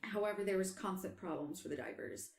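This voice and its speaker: A woman hosting a podcast, telling a story in casual chat, animated and quick to laugh. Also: mid-range voice, echoey room. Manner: animated, laughs often, trails off and restarts. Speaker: podcast host.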